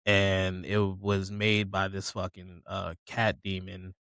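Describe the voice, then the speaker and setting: A man's voice: low voice, completely flat delivery, slow pace, vocal fry, a bit bright, smooth, dry recording. A man casually recapping an anime episode, acting out characters' lines with profane slang. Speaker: podcast co-host.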